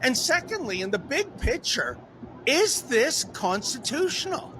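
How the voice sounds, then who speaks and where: High-voiced wry male talk host. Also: very animated, unhurried, bright, forceful tone, slight background noise, low-quality recording. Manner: wry, sarcastic questions. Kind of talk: political talk show.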